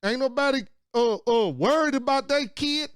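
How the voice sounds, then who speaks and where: A man's voice: very high-pitched, moderate pace, clear, resonant tone, dry recording, clean studio sound. A man in his late forties hosting his own talk show, delivering an angry, profane, preachy monologue. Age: late 40s. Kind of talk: impassioned monologue.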